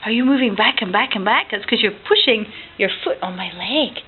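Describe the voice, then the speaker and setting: Gentle woman coaxing a toddler through a story. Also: on the high side, expressive, fairly quick. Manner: gentle, coaxing, often hushed. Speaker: parent reading to a toddler. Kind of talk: bedtime story retelling. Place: home. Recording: tinny lo-fi home recording, faint hiss.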